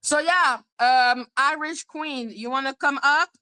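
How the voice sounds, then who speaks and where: A woman's voice: high-pitched, unhurried, bright, forceful tone. A woman hosting a casual livestream, profane and taunting as she talks to her chat. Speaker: livestream host.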